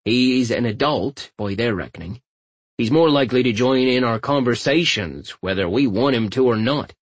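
A man voicing a wry, patient father in an audiobook, speaking in a low-key way. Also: moderate pace, breathy edge, no room sound, natural voice.

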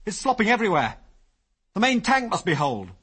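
A man voicing an excitable young airman who blurts out eager, breathless exclamations. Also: on the high side, brisk, slightly rough, voice pushed up, full character voice. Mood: alarmed.

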